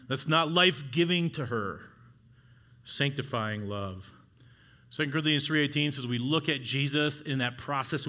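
A man's voice: on the high side, pushed and bright. A middle-aged man preaching an earnest sermon to husbands, urging them on with rising exhortations. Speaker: pastor.

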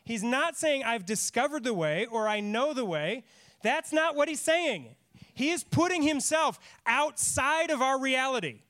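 A man's voice: very high voice, a bit bright. A middle-aged man preaching a sermon in church as pastor, earnest and emphatic, repeating lines for stress. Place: church sanctuary.

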